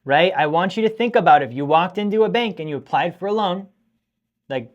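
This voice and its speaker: A man's voice: high-pitched, expressive, fairly quick, muffled recording. A man hosting a finance show, teaching straight to the audience in an emphatic, scolding way that repeats points for stress. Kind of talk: direct-to-camera teaching monologue.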